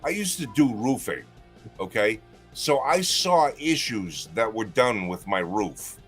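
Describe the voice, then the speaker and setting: A man's voice: lowish voice, lively intonation, a little slow, fairly bright tone, faint music behind. A man in a casual live chat who tells stories in a heated way, swearing as he goes.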